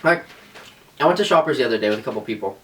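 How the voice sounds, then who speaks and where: Lively, sarcastic young woman, slightly off-mic. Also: extremely low pitch, very fast, recorded from a distance. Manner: animated, sarcastic, laughs often, acts out quotes. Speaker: podcast co-host. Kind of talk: casual chat.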